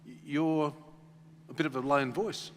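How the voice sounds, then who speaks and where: A man's voice: fairly high pitch, fairly even intonation, measured pace, long reverb tail, a little hiss or hum. A man, a radio host moderating a stage interview, asking questions in a conversational, anecdotal way.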